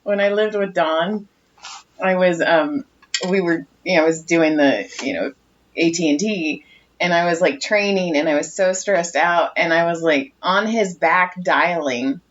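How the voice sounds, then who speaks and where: A woman's voice: fairly low pitch, a little slow. A woman co-hosting a casual podcast, telling chatty stories and laughing at her own jokes. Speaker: podcast co-host. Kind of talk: casual chat. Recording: dull lo-fi sound with faint noise.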